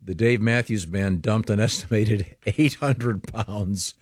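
A man's voice: lowish voice, fairly even intonation, takes it slowly, husky, dry recording, clean studio sound. A man co-hosting a morning radio show, playful and teasing, often laughing into his lines.

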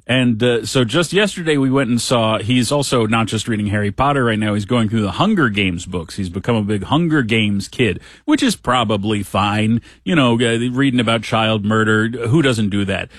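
A man's voice: fairly low pitch, normal speed, few pauses, no room sound. A middle-aged man hosting a radio show, telling a story in a casual, chatty way with dry humor. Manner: chatty, dry humor, acts out quotes in voices. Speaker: radio host. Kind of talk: casual monologue.

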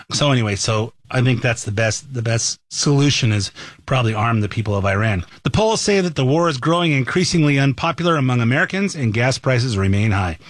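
A man's voice: medium pitch, lively intonation, fairly quick, no room sound. A man hosting a talk show, giving conversational, opinionated commentary into a studio mic.

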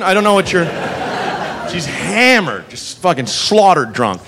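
A man doing stand-up comedy on a club stage, telling a profane story and acting out the characters in quick voices. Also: high-pitched, very animated, noisy background. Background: audience laughter.

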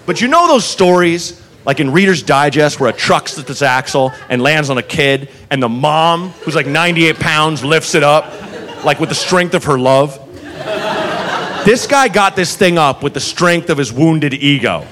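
A man doing stand-up storytelling, animated and profane, acting out the people in his story. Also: on the high side, moderate pace. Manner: animated, profane, acts out characters. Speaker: stand-up comedian. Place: comedy club with live audience. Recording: live club recording with crowd noise.

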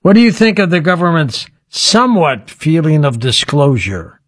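Lively-voiced male radio host. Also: a little high, moderate pace, no room sound, clean studio sound. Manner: teasing, quizzing the guest. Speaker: radio talk show host. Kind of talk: playful radio interview.

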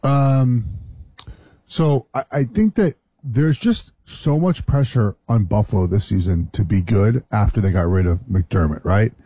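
A male analyst talks through a football matchup in a rambling way. His voice is mellow and husky, and the recording sounds dry. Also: lowish voice, measured pace, no echo. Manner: rambling, many "right?" tags. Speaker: former player turned analyst. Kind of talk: casual sports analysis.

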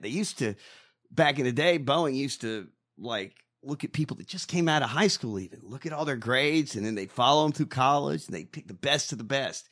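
A man co-hosting a casual talk show, ranting loudly with lots of swearing. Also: medium pitch. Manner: loud, profane, animated ranting. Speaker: co-host. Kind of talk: profane comedic banter.

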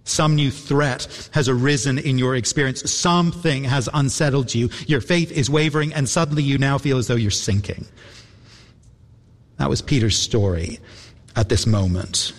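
A man preaching a sermon, earnest and reflective, repeating phrases and pausing for effect. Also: mid-range voice. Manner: earnest, reflective, with repetitions and dramatic pauses. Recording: long hall reverb.

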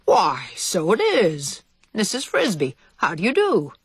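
A woman's voice: medium pitch, huge pitch swings, husky, no echo, exaggerated voice. A woman playing a kindly old male white mouse. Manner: courteous, measured.

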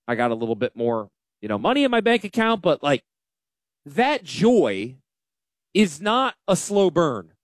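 A man hosting a casual financial radio show, talking in an animated, joking and self-deprecating way. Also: sits high, moderate pace, dry recording, clean studio sound. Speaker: financial advisor and radio host.

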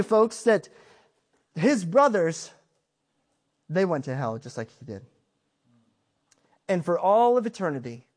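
High voiced guy preaching hard, lots of questions thrown at the crowd. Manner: emphatic, rhetorical questions. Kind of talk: sermon.

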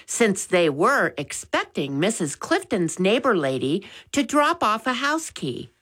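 A woman reads a children's storybook aloud in a gentle, expressive way. Her pitch rises and falls a great deal, and she takes her time. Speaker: narrator. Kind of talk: storybook reading.

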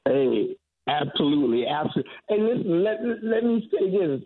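A reverend speaking as a guest on call-in radio, earnest and halting, often restarting his sentences. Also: on the high side, big pitch swings, breathy edge. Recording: tinny phone line.

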